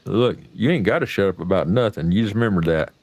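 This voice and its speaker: An American livestream host chats casually in a folksy, profane, rambling manner. His voice is fairly low, a little mellow, and expressive, and he talks fast. There's no echo.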